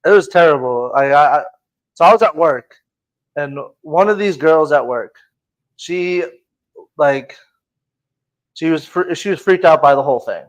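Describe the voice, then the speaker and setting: A man's voice: a little high, a little slow, long pauses, rough recording. A man with an American accent co-hosting a casual sports podcast, laid-back, telling stories with stammered restarts and lots of "like". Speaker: podcast co-host.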